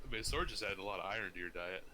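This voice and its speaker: Fast-talking man with a piercing tone. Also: low voice, bright, forceful tone, slight background noise. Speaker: player. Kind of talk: casual chat at a tabletop game.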